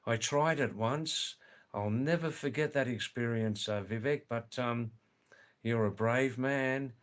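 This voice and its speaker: A man's voice: medium pitch, measured pace. A man with an Australian accent hosting a casual live stream, chatting and reading viewer comments aloud. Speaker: livestream host reading chat.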